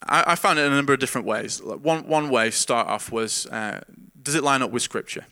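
A pastor speaks briskly in a medium-pitched voice that is bright, forceful, and clean. His earnest, informal, conversational sermon is full of repeated words and chuckles.

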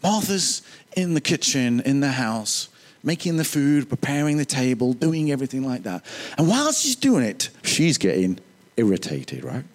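Animated preacher man. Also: mid-range voice, moderate pace. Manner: animated, joking, self-deprecating asides. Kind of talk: sermon.

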